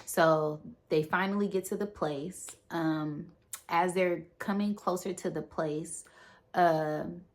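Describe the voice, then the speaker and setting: A woman with a fairly low voice recaps a movie in a loose, rambling way. She keeps adding filler words and slips briefly into the characters' lines. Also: steady tone, slow pace. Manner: rambling, with many fillers and acted-out quotes. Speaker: movie reviewer.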